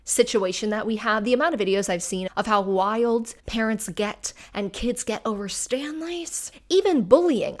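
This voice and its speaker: A woman hosting a commentary video, talking in a chatty, conversational way. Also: mid-range voice. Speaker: commentary host. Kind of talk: reaction commentary.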